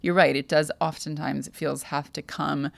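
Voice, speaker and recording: A young adult woman co-hosting a podcast, talking thoughtfully in a halting way and often restarting her sentences. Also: sits low, fairly even intonation, creaky. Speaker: podcast co-host. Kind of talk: casual podcast conversation.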